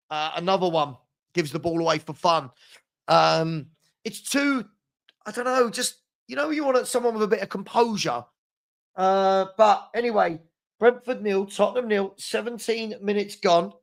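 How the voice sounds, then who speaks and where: A man's voice: high voice, vocal fry, a bit bright. A man hosting a live fan watchalong, giving partisan running commentary on the match and getting exasperated with his own side's mistakes. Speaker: watchalong host.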